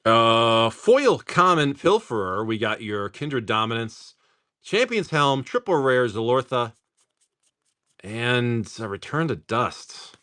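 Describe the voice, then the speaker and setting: A man's voice: mid-range voice, very animated, slow, sharp tone. A middle-aged man hosting a casual live stream. He jokes, laughs often, swears freely and rattles off card names while opening packs.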